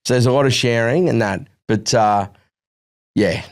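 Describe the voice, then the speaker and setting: A man's voice: medium pitch, moderate pace. A middle-aged Australian man, a podcast co-host, telling a long story in casual chat and acting out the quotes. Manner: animated storytelling, acts out quotes.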